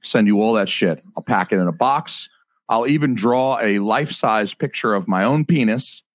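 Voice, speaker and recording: A man's voice: fairly low pitch, normal speed, dry recording. A man in his thirties hosting a podcast livestream, rambling through crude jokes with lots of restarts. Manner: rambling, joking, with many restarts. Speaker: podcast host. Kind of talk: crude comedic banter on a livestream.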